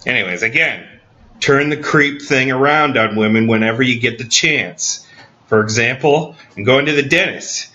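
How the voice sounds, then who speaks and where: A man talks through a deadpan comedic monologue in a bright, forceful voice. His delivery is dry and mock-serious. The recording is slightly dull and lo-fi. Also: medium pitch, normal speed. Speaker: comedy podcast host.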